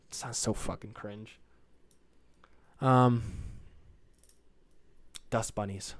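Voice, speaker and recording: Brief: young male solo podcaster, dry close sound, mid-pitched, crude and rambling. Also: lively intonation, slow pace, long pauses, dry recording. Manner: rambling, crude, self-deprecating, jokey. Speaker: podcast host.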